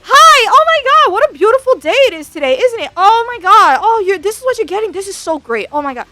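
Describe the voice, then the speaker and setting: A woman's voice: extremely high pitch, big pitch swings, brisk, sharp tone, soft background music, pitched above the performer's own voice, full character voice. A woman voicing an overly bubbly, cheerful woman cashier who gushes and squeals. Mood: gushing. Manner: gushing, squealing.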